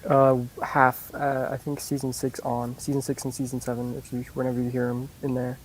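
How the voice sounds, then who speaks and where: A man's voice: medium pitch, monotone, fairly quick, a little hiss or hum, poor audio. A man co-hosting a casual podcast, sharing trivia while unsure of the details. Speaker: podcast co-host. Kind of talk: casual chat.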